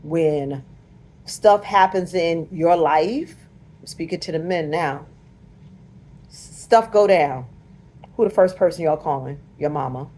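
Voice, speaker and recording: Low-voiced and a little mellow, this American vlogger talks slowly with frequent pauses. She addresses the camera casually yet emphatically, in a preachy manner.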